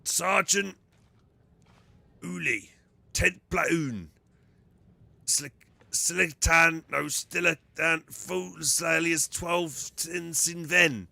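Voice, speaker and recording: A man doing a slow, stubborn ogryn brute. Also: on the high side, gravelly, pushed and bright, dry recording, voice pushed up, heavily acted. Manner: slow, simple, stubborn speech. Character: hulking dim-witted loyal male ogryn soldier. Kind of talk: reading game dialogue aloud in voices.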